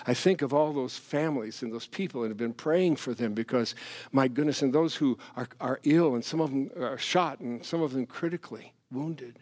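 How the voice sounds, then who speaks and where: This pastor, a man with a mid-range voice, preaches a sermon in an animated way. He swings between loud emphasis and hushed asides.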